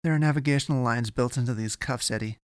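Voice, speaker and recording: A man's voice: medium pitch, quick pace, smooth, no room sound, studio quality, voice pushed up, lightly acted. A man voicing a frightened young woman explorer in an audiobook, speaking urgently and in a panic. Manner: urgent, panicked, then murmuring.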